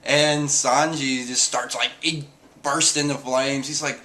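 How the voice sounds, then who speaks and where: A man giving a casual spoken manga review, excitable and jumping into high voices for the characters. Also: normal speed.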